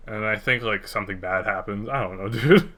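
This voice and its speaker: A man's voice: on the low side, fairly quick, a bit bright. A young man co-hosting a podcast in a casual, rambling chat, cursing freely. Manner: rambling, laid-back, swears freely. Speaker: podcast co-host.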